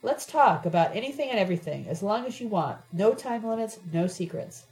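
A woman reading an audiobook gives voice to a sharp-tongued young woman who talks in a mocking, cryptic way. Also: medium pitch, lively intonation, brisk, faint music behind, lightly acted, poor audio. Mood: relaxed. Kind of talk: audiobook character voice.

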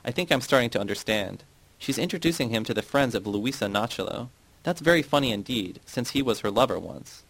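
A man's voice: medium pitch, animated, fairly quick, gravelly, fairly bright tone, rough recording. A man reading a dogmatic lecturing comrade. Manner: lecturing, dismissive. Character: dogmatic older male party loyalist, lecturing.

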